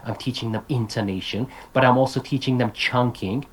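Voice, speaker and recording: Male lecturer, Turkish accent, mid-range voice; energetic talk-show delivery, demonstrates phrases aloud. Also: medium pitch, brisk, hardly any pauses, slightly rough, rough recording. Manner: animated, acts out student speech and intonation. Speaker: lecturer giving a talk to teachers. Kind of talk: lively conference talk.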